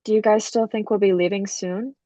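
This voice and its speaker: A woman's voice: mid-range voice, fairly even intonation, fairly quick, dark tone, no room sound, lo-fi sound, natural voice. An earnest teenage girl, played by a woman, talking with her parents in a plain, everyday mid-range voice. The sound is dry and close to the mic.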